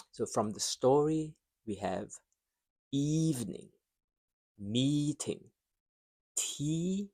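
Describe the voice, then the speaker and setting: A man teaching English pronunciation, speaking deliberately and saying each model phrase twice for the listener to repeat. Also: medium pitch, no echo, studio quality. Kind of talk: pronunciation lesson.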